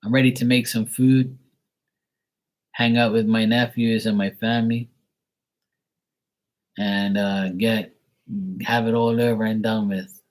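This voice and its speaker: A man's voice: lowish voice, flat delivery, measured pace, pauses often. A young man giving live tarot readings, chatting loosely and swearing casually while he reads messages to viewers. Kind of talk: casual livestream chat.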